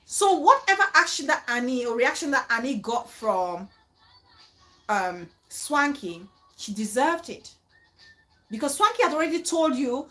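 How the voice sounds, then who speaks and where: A woman hosting a casual, animated reaction chat about a reality show, acting out other people's words. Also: sits high, a little slow, low-quality recording. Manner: animated, dramatic, quotes others in mock voices.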